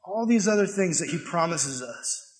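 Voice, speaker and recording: High-voiced, emphatic preacher. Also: male voice, lively intonation, normal speed. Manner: emphatic, conversational, with rhetorical questions. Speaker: pastor. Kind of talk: sermon.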